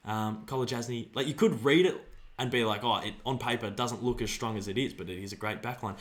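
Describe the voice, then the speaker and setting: A young Australian man hosting a livestream, giving excitable watch-along commentary on a football match and chatting with viewers. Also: medium pitch, quick pace. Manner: excitable, shouts at play, banters with chat. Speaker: livestream host.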